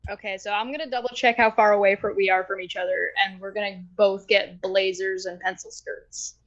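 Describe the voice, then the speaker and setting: A woman's voice: medium pitch, little pitch movement, a little fast, fairly bright tone. A woman co-hosting a casual group video chat, playful and bantering. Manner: playful, reads tweets aloud. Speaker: co-host. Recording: dull lo-fi mic.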